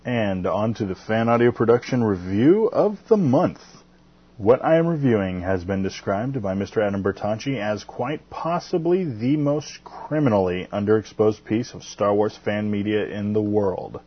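A man's voice: lowish voice, lively intonation, normal speed, slightly rough. A man hosting a fan podcast, reading the news in a chatty way. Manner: chatty, fumbles clips. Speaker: podcast host. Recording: dry, slightly muffled audio.

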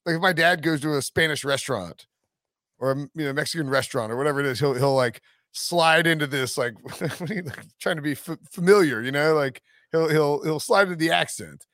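A man hosting a sports betting podcast, talking in a jokey, animated way and laughing often. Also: on the high side, a little fast, no room sound, clean studio sound. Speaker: podcast host. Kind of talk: casual sports betting chat.

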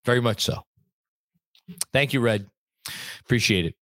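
A man's voice: medium pitch, a little slow, a bit bright, dry recording. Chatty man hosting a sports stream. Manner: rambling, frequent restarts and swearing, chatty. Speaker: sports podcast host reading viewer comments. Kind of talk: casual live-stream chat. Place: home room at a computer.

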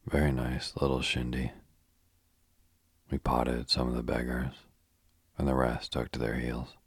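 A man voicing a wry young gentleman. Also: extremely low pitch, monotone, unhurried, vocal fry, breathy edge, no echo, studio quality, heavily acted. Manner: breezy, understated. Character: wry, adventurous young gentleman tour guide.

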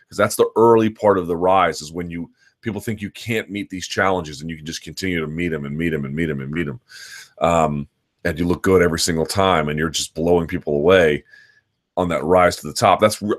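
A very low-voiced man hosting a live chat on combat sports. He talks unscripted in long, winding sentences, restarting his thoughts and hammering points home with repetition. His delivery is analytical and in earnest. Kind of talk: unscripted live-stream commentary.

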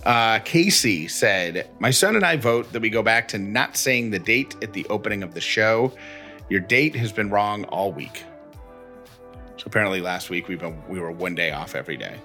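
A man's voice: on the low side, expressive, normal speed, bright, forceful tone, soft background music. A man co-hosting a podcast, chatting casually and reading listener texts with rambling self-corrections. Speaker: podcast co-host.

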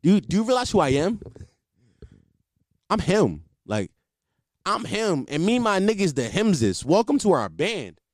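Animated young man telling funny stories. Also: high-pitched, a little slow, long pauses, dry recording, clean studio sound. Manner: animated, laughs often, swears, slangy. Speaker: comedian. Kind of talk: casual comedic storytelling.

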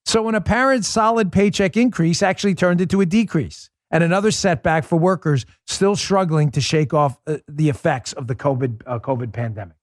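A man's voice: a little high, a little fast, hardly any pauses, no room sound, clean studio sound. A man hosting a political talk show, delivering an emphatic, sarcastic monologue full of rhetorical questions.

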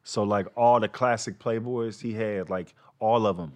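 Slangy storytelling man, a bit low. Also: moderate pace. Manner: animated storyteller, slangy, acts out quotes. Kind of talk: casual comedic chat.

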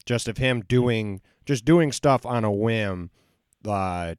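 A male podcast host chatting casually, thinking aloud with a relaxed, loose manner. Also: lowish voice, takes it slowly, clean tone, dry recording, clean studio sound. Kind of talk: casual chat.

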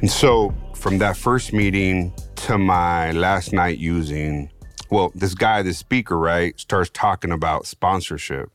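A middle-aged man with a Chicano English accent, a podcast guest telling his recovery story in streetwise slang, animated and slipping into other people's voices. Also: low voice, a little slow, soft background music. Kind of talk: casual storytelling interview.

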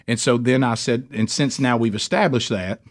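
A man, hosting a radio talk show, telling a story loudly and doing the voices of the people in it. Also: medium pitch, moderate pace. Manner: loud and animated, acts out voices of people in his story.

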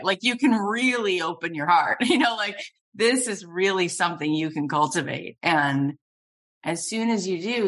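A woman with a very low-pitched voice hosts a relaxed interview. She tells personal stories in an animated way and often breaks into laughter. Her delivery is expressive and conversational. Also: normal speed. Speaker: podcast host.

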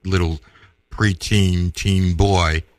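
A middle-aged man casually telling a personal story, with halting restarts and acted-out quotes. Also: low voice, little pitch movement, dry recording. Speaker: storyteller guest.

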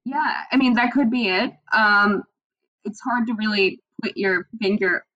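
A woman from near Pittsburgh, a TV sports reporter, answering interview questions in a relaxed way with easy laughs over a remote call. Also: medium pitch, measured pace, no room sound, muffled recording. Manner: relaxed, laughing easily, lots of fillers. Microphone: remote computer call.

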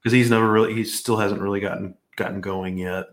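A man co-hosting a podcast, chatting casually about the sport in a relaxed, rambling way full of restarts. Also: on the low side, fast, echoey room. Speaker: podcast co-host.

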